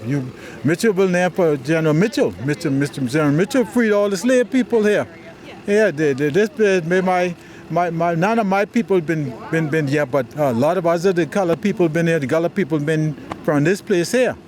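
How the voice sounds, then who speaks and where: A man's voice: fairly high pitch, expressive, a little fast, a little mellow. A man with a Gullah accent from the South Carolina Sea Islands, chatting as a local guide while walking outdoors, repeating words as he goes.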